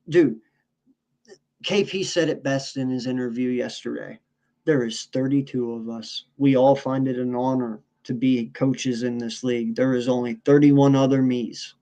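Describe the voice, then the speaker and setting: A man's voice: mid-range voice, unhurried, dark tone. A man co-hosting a sports podcast, ranting in a heated, profane, casual way. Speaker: podcast co-host.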